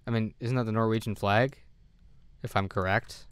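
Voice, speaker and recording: In fairly low, steady tones, clear and resonant, this man talks at a moderate pace while playing a game on a home live stream. He muses aloud, doubts his own choices and seems weary; the recording is dry.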